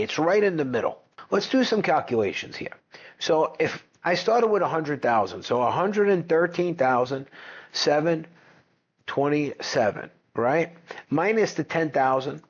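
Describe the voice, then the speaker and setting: A man's voice: a little high, husky. Brash, profane man with a dull mic. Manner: brash, profane, excitable, jumps between numbers. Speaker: finance video host. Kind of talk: casual screen-share commentary.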